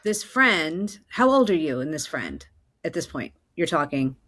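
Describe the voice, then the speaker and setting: Bright-voiced woman asking quick questions. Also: deep voice, big pitch swings, slight background noise. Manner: short reactions and clarifying questions. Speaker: podcast co-host. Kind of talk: casual chat.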